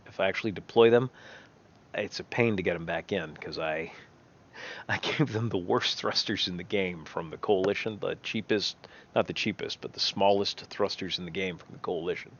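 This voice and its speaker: A man's voice: low-pitched, fairly bright tone, highs cut off. A man giving casual, rambling game commentary, often correcting himself as he thinks aloud. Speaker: gameplay commentator.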